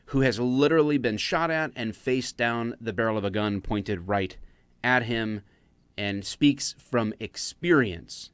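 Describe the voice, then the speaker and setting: A man's voice: on the low side, smooth, dry recording. An American man hosting a live-streamed talk show, chatting casually and jokingly with plenty of fillers. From United States. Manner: rambling, jokey, lots of fillers.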